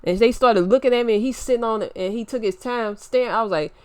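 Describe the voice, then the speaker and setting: A woman with a Louisiana accent telling a story in an animated, indignant rant, muttering one moment and raising her voice the next. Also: on the high side, fast, smooth, no room sound. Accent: Southern US, Louisiana. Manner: animated, indignant, swings between muttering and raised voice. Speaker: vlogger.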